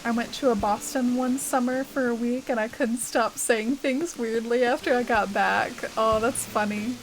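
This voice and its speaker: Her voice sits a little high with fairly even intonation and a moderate pace, against some background noise. She's a young adult woman chatting casually while playing, reading out chat and rambling with plenty of "like" and "uh."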